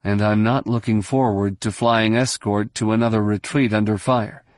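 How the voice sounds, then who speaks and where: A man voicing a steady, calm Jedi leader. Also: lowish voice, moderate pace, no echo, studio quality, natural voice.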